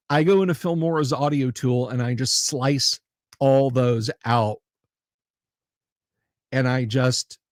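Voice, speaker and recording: Slow, halting man hosting a livestream. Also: medium pitch, dry recording, clean studio sound. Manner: halting, full of pauses and restarts; emphatic, repeats himself. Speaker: livestream host. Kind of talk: casual chat.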